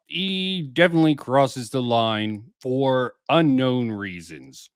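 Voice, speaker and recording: A man reacting to clips and talking through his take in a musing, questioning way. His pitch moves a lot as he thinks aloud. The mic is close and dry, with no room sound. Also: no room sound. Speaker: commentary video host. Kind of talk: reaction commentary over clips.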